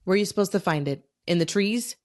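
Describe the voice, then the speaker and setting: A woman's voice: mid-range voice, fast talker. A woman hosting a solo podcast, talking bluntly with lots of swearing and emphatic rhetorical questions. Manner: talks herself through feelings aloud. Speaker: podcast host.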